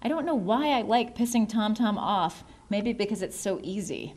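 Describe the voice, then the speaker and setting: A woman narrating a novel in the first person, wry and measured. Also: mid-range voice, lively intonation, a little mellow. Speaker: audiobook narrator.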